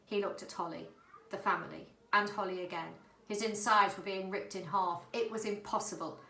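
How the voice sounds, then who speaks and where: Bright woman reading a storybook aloud. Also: medium pitch, normal speed, vocal fry, roomy sound, poor audio. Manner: expressive, dramatic. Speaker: narrator.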